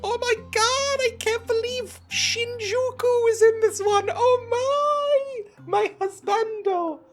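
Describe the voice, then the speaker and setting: A man voicing a swooning anime fangirl in a shrill, squealing falsetto. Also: slow, faint music behind.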